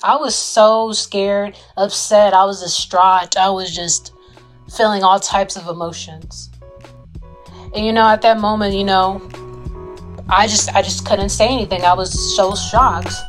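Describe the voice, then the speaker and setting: A woman's voice: mid-range voice, a little slow, soft background music. A young woman telling a story in a casual vlog, swearing often and filling her speech with "like". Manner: swearing, lots of "like" fillers, animated retelling.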